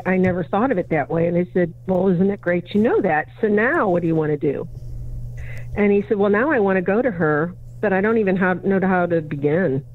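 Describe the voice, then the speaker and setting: A woman guest on a podcast, telling a story in conversation and acting out both sides of a dialogue. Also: mid-range voice. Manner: acts out both sides of a dialogue, plays each remembered voice. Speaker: podcast guest, educator and consultant. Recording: narrow, phone-like audio of a remote interview.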